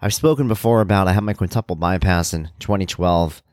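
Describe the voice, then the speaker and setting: A middle-aged man hosts a podcast, telling a loose story with self-deprecating jokes. His voice sits low. The sound is dry and close on the mic, with no room around it. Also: a little fast, darkish tone, no room sound. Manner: rambling, self-deprecating humor. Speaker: podcast host. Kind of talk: casual storytelling monologue.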